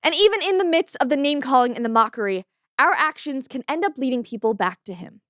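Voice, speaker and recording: A woman's voice: high-pitched, expressive, fast, fairly bright tone, dry recording, studio quality. A woman hosting a commentary show, speaking in an earnest, opinionated way about faith. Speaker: host.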